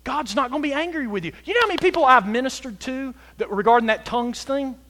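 High, bright-voiced preacher. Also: male voice, lively intonation, fast. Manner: emphatic preaching, swinging from loud to hushed. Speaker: pastor. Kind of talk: sermon. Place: church sanctuary. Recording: hall reverb.

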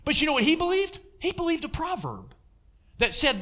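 A man's voice: very high-pitched, wildly swooping pitch, fairly quick, bright, forceful tone. A man preaching a sermon in an emphatic way, throwing asides like "amen?" to his congregation.

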